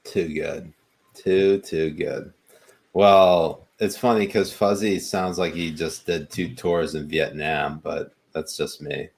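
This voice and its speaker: A man's voice: low-pitched, steady tone, slow, vocal fry. A man co-hosting a podcast, chatting casually and laid-back with plenty of ums. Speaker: podcast co-host. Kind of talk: casual chat.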